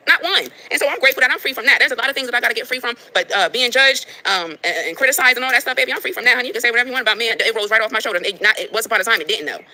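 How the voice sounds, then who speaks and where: Brief: nasal woman livestreamer, quick delivery, bright edge, emphatic and repetitive. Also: on the high side, expressive, poor audio. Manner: emphatic and preachy, repeats phrases. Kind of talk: casual livestream talk to viewers.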